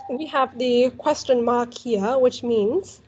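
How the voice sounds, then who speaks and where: A woman's voice: fairly high pitch, slow, dark tone, dull audio, a little hiss or hum. A woman with a Vietnamese accent teaching a one-on-one English lesson, patient and encouraging, often saying "very good" and modeling pronunciation.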